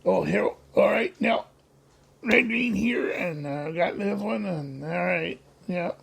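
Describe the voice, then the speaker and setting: A man's voice: high-pitched, slow, creaky, a bit bright, husky, heavily acted. A man doing folksy Red Green handyman voice. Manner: easygoing, drawling, full of fillers. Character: folksy middle-aged male handyman TV host.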